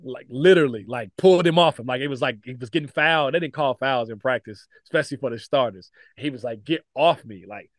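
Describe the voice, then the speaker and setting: A man, a former pro basketball player, telling lively stories in a casual podcast chat, with lots of "like" fillers and laughter. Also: medium pitch, quick pace, few pauses, no room sound, clean studio sound. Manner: animated storytelling, frequent "like" fillers and laughs.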